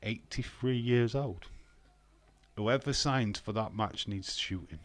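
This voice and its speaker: A man casually chatting with viewers as he hosts a wrestling watch-along, self-mocking and quick to laugh. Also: fairly low pitch, a bit bright, no echo. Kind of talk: casual live-stream chat with viewers.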